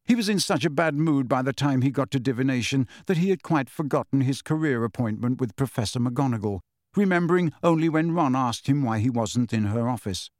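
A man reading a novel aloud in measured, even audiobook narration. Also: mid-range voice, no room sound, clean studio sound.

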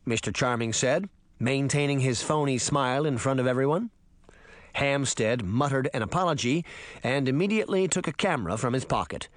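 A male audiobook narrator tells the story with expressive, varied delivery and a lively pitch. The recording is dry and close, with no room sound. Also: normal speed, dry recording. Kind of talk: scripted narration.

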